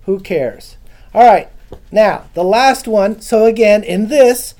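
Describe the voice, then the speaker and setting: A man's voice: high voice, expressive, slow pace, dark tone. Chatty man preaching to a gathering. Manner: casual, chatty, asks the audience questions. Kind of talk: informal Bible teaching. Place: room with a small live audience.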